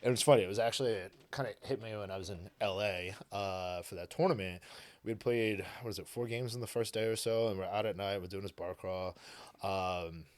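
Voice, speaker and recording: A man's voice: lowish voice, brisk, no room sound. Casual, swearing man telling a story. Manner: animated, profane, heavy with "like" and "you know". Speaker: podcast guest.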